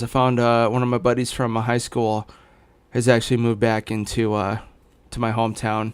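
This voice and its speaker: A man's voice: mid-range voice, monotone, moderate pace, clean tone. A young man chatting casually as a gaming streamer, rambling with many fillers and restarts while hiccuping. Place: home in Los Angeles.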